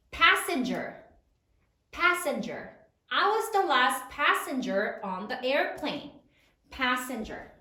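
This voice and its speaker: A woman teacher leading a spelling lesson for third graders, slowly sounding out each letter and praising her students often. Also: high voice, bright, forceful tone, reverberant.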